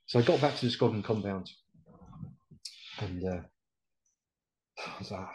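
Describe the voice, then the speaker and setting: In a casual interview, a middle-aged British veteran of the RAF Regiment, decorated for his service, tells his story with blunt language, lots of swearing and quoted dialogue. He speaks briskly in a fairly low, darkish, steady voice, pausing often, and the recording is rough.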